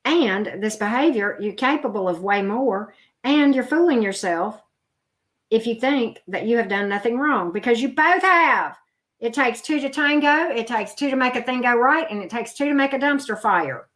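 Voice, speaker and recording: A woman's voice: fairly high pitch, animated, normal speed, fairly bright tone. A middle-aged woman doing a live tarot reading, chatty and blunt, talking straight to her viewers. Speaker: tarot reader. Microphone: video camera.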